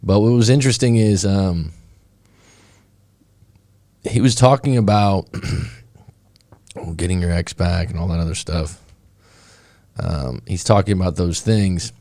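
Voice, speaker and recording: A man's voice: deep voice, takes it slowly, pauses often, a little mellow, no room sound. A man coaching on a casual live stream, talking in a rambling, conversational way with many fillers and restarts. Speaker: breakup coach.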